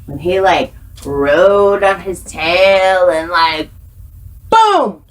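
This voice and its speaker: A woman's voice: fairly low pitch, slow, poor audio. A woman co-hosting as the assistant, with playful, irreverent, teasing interjections. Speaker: assistant, co-host. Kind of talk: casual chat.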